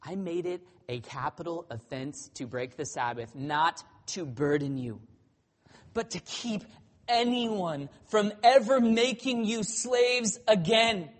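An emphatic, declaiming voice of God spoken in first person, put on by a preacher inside a sermon. The delivery keeps a middling pitch. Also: slow, lightly acted. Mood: gracious. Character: God as the preacher imagines him speaking. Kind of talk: quoted speech within a sermon.

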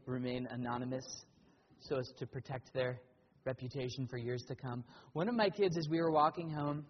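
A man preaching a sermon as pastor, earnest and animated, telling personal stories with emphatic swells. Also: slightly rough, big-room sound, dull audio. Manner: animated storytelling with emphatic rises in pitch and loudness.

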